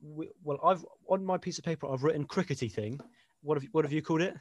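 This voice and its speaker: A man's voice: a little high, quick pace, no echo. A young man co-hosting a casual podcast, reading funny sporting quotes aloud and laughing often. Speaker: podcast co-host.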